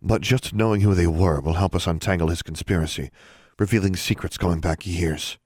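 A stern, composed woman official, read by a man in his own deep voice. Her words come measured and formal. The recording is dry and close. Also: darkish tone, slightly rough, no echo. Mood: cool, formal. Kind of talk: audiobook character reading.

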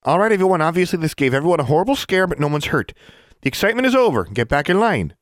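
A man's voice: medium pitch, sing-song, brisk, no room sound, studio quality, voice pushed up. A man voicing a kindly, reassuring middle-aged female teacher. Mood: soothing. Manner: soothing and reassuring.

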